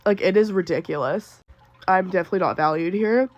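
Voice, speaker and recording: A young woman rants through a venting storytime, exasperated and upset while feeling sick. Her voice is close and dry with no room around it. She talks in quick, indignant bursts. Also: on the low side, darkish tone, no echo, muffled recording. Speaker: retail worker.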